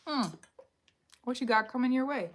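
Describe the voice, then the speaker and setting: A woman's voice: high voice, normal speed. Woman musing aloud on a live stream. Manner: repetitive, musing, talks to viewers directly. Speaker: tarot reader hosting a live stream. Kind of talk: live-streamed card reading.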